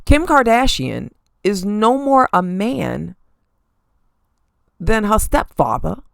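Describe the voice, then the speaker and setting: A woman hosting a podcast, giving sassy, animated celebrity gossip commentary and often tossing in "okay?" asides. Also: medium pitch, takes it slowly, gravelly, no room sound, clean studio sound. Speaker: podcast host.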